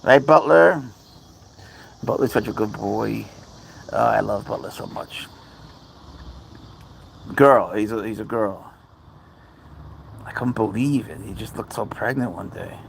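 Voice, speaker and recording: A man's voice: on the low side, fairly even intonation, measured pace, vocal fry, long pauses, a little hiss or hum, rough recording. A man hosting a casual livestream, rambling as he talks to his cats and answers viewers' chat. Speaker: livestream host.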